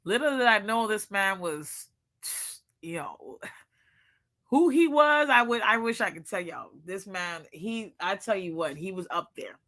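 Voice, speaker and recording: A woman in casual chat, animated and gushing, with informal slangy speech and lots of exclamations. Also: mid-range voice, measured pace.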